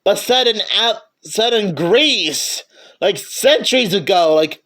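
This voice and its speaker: A man's voice: high voice, lively intonation, slow pace, pushed and bright. A man giving a casual movie review, stammering and often restarting his sentences.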